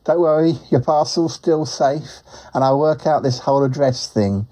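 A man's voice: fairly high pitch, normal speed, mellow, natural voice. A man voicing a chatty, good-natured talking duck on his travels, who rambles, giggles and tacks quacks onto his sentences. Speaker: roving reporter. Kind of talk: comic character monologue.

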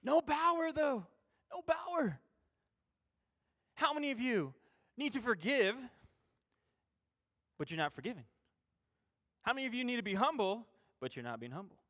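A man with a high voice delivers an informal sermon as a youth pastor. He is animated, building to loud peaks and then falling to soft, self-mocking asides. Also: moderate pace, long pauses. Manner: animated, swings between loud emphasis and quiet asides.

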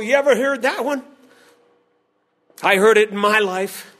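Man, preacher, sermon, emphatic storytelling, shouted exhortation, very high voice, bright tone. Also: measured pace, a little hiss or hum.

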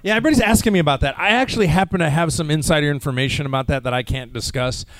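A man's voice: a little high, racing, fairly bright tone, dry recording. An American man who works as a voice actor, answering fan questions in a rambling, chatty way with many fillers and restarts, and a little jet lagged. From United States. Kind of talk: casual panel Q&A.

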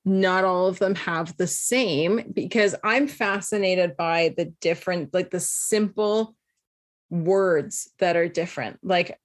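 A woman, interviewing a guest with curious, quick follow-up questions. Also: lowish voice. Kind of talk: casual interview chat.

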